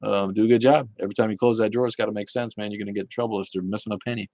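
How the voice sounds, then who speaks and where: Blunt, low-voiced man hosting a livestream. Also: steady tone, very fast, gravelly, a little mellow, no room sound. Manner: blunt, profane, chatty, laughs often. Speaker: livestream host reading chat. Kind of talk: casual livestream chat.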